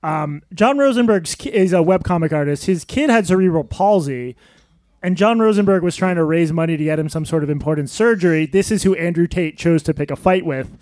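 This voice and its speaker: Brief: wry male podcast co-host, higher voice, dry close sound. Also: fairly quick, darkish tone, no echo. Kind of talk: live podcast, reading quotes aloud. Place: live venue stage.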